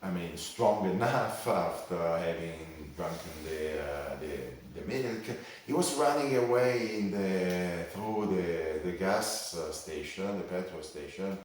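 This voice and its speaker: A man's voice: deep voice, expressive, slow, few pauses, slight background noise. A man with an Italian accent narrating a travel story in English, hesitant and full of fillers and restarts. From Sardinia, Italy. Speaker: cycling vlogger. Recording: echoey, distant mic.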